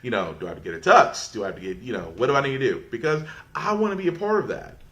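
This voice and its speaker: Male podcast host, bright, forceful tone, loose conversational monologue with restarts. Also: mid-range voice, expressive, very fast.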